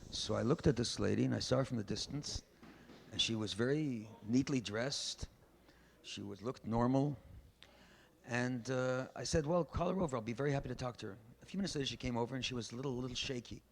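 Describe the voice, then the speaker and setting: With a creaky, medium-pitched voice and a slightly quick delivery, a man acting as a rabbi narrates a story in his sermon. He presses his points in preachy, emphatic bursts that grow into loud exhortations. The archival recording, made in a large synagogue hall, carries faint background noise.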